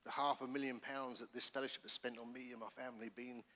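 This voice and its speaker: A middle-aged man shares his testimony from the pulpit, his voice bright and forceful. He tells the story in an animated way, restarting phrases as he goes. The sound rings out with the long reverb of a church hall. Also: mid-range voice, fast talker. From England. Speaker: pastor. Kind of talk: personal testimony sermon.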